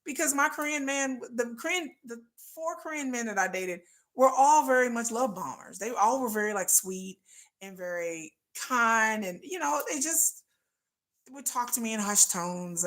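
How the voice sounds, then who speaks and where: A woman's voice: fairly high pitch, lively intonation, moderate pace, sharp tone. A woman hosting a casual livestream, talking candidly and bluntly and laughing often. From United States. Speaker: livestream host.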